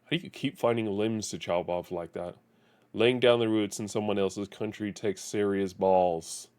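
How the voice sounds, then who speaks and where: A sneering gangster from a crime video game, read aloud by a man in a low voice. He taunts and threatens a shopkeeper with slow, mocking menace. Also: steady tone, darkish tone, close to an everyday voice. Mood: taunting. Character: menacing male gangster extorting a chef.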